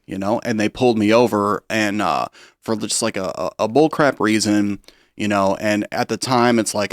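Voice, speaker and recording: Low-voiced casual male guest. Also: no room sound, clean studio sound. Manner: casual, full of fillers like "you know". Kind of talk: telling his own story in an interview. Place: podcast studio.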